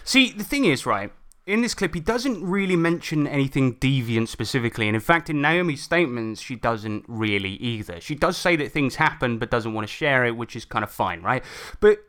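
A man's voice: medium pitch, lively intonation, a little fast, fairly bright tone. A man hosting a casual commentary show, talking indignantly with frequent restarts and asides. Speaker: commentary host.

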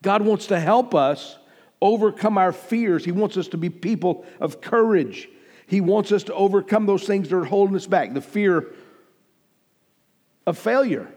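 A man preaching a sermon, his voice pitched a little high. He swells and drops in volume and acts out the lines he quotes. The long reverb of a church hall trails behind every phrase. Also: normal speed, darkish tone. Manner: emphatic preaching, rising and falling in volume, acting out quoted speech. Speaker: pastor.

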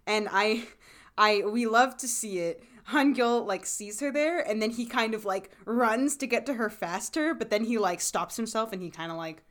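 A woman's voice: a little high, normal speed, fairly bright tone. A woman co-hosting a casual podcast chat, talking loosely with lots of fillers and frequent laughter. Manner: chatty, laughs often, many "like" fillers. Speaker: podcast co-host. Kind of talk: casual chat recapping a TV drama.

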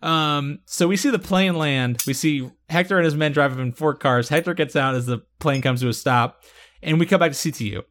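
Male host, a bit high-pitched, animated recapper who acts out the quotes and laughs. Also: fairly quick. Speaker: podcast host recapping a TV episode. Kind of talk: casual chat.

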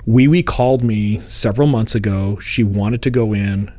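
Lively low-voiced male true crime host. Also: moderate pace, no room sound. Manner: storytelling, acts out quotes in funny voices; chuckles often. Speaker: podcast co-host. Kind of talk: casual true crime chat.

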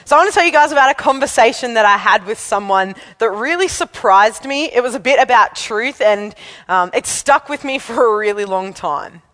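Woman preaching, fairly high voice, talks casual and open, laughs at herself sometimes. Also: lively intonation, moderate pace, fairly bright tone, in a large hall. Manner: chatty and candid, laughs at herself. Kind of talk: evening sermon with personal story.

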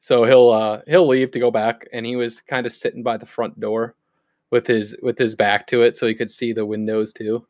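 Player from Wisconsin, male, measured descriptive narration, dry close sound. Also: medium pitch, little pitch movement, no room sound, lo-fi sound. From Wisconsin, United States. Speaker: tabletop game player. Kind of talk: narrating his character's actions.

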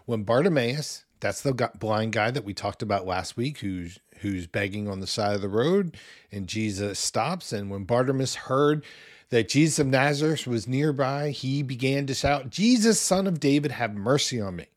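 A man's voice: medium pitch, moderate pace. A man hosting a devotional podcast, teaching in an earnest, conversational way with the odd small laugh. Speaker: podcast host.

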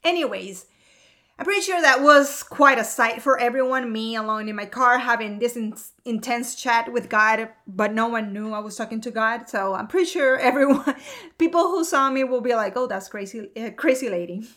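High, bright-voiced woman sharing her testimony. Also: normal speed. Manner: earnest and emotional, with laughs. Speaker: mother of two. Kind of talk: personal faith testimony.

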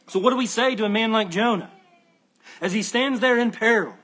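Husky high-voiced preaching man. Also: normal speed, a bit bright. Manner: earnest, emphatic preaching with repeated phrases; teacherly, explains Greek word order. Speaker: pastor. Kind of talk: expository sermon.

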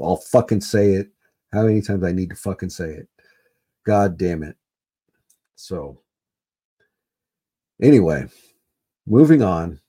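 Guy with a low mellow voice rambling on his podcast, swears a lot, keeps repeating himself. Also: expressive, measured pace, pauses often, husky. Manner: rambling, profane, repeats himself, frequent fillers. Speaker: podcast host. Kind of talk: casual solo sports podcast rant.

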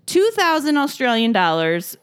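A woman's voice: fairly high pitch, sing-song, normal speed, clean tone. A woman co-hosting a casual podcast, recapping a movie with laughter and swearing, acting out the characters' lines. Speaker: podcast co-host.

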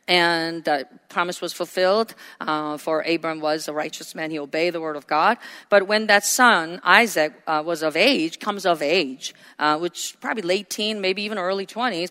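A woman's voice: on the low side, bright, forceful tone, big-room sound. A woman preaching a sermon in a conversational way, acting out quoted lines with laughter.

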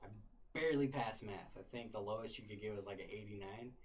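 A young man, a podcast guest, telling stories in a relaxed, profane, casual way, often laughing. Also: fairly low pitch, quick pace, slight background noise. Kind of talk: casual storytelling chat.

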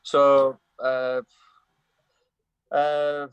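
A man's voice: mid-range voice, monotone, extremely slow, smooth, no echo, highs cut off. French-accented man, dry close sound. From France. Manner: hesitant, many fillers and restarts. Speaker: guest, motorcycle racer. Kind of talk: casual chat.

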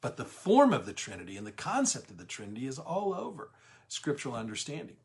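A middle-aged man leading a livestreamed Bible study, emphatic, slowing down on key words and greeting viewers as they join. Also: mid-range voice, huge pitch swings.

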